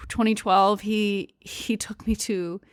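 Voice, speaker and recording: A woman's voice: mid-range voice, fairly even intonation, takes it slowly, no echo, studio quality. A young adult woman hosting a podcast, telling a personal story candidly and confessionally, laughing between words. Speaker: podcast host.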